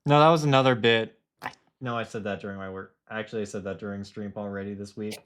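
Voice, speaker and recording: A person chatting casually on a live stream, throwing in quick exclamations and sarcastic asides. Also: mid-range voice, steady tone, a bit bright.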